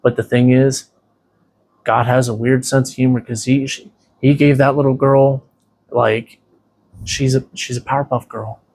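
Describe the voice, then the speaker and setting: A man's voice: medium pitch, flat delivery, a little slow, pauses often, a little mellow. A man who owns a tattoo shop, a podcast guest telling rambling, profane stories full of "you know.". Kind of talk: casual interview storytelling.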